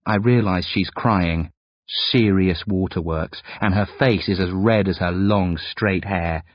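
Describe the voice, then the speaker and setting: A man narrating an audiobook in the first person with a highly expressive, swooping delivery. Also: slow pace, no room sound, lo-fi sound.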